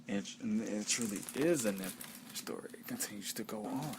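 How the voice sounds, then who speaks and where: A man teaching from the bible in a conversational way, with many fillers, reading scripture slowly and loudly. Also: on the low side, background noise.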